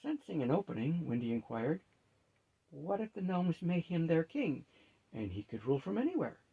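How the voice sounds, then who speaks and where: A man reading a fantasy novel aloud at a steady, unhurried pace, lightly shifting his pitch for each character. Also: gravelly, slightly rough, narrow, tinny audio. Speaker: storyteller.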